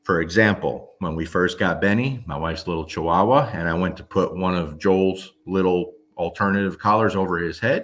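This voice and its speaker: A man whose voice sits low and has a fairly bright tone addresses the camera at a moderate pace with few pauses. He's a dog trainer speaking casually, emphatically and bluntly, repeatedly checking that the listener follows.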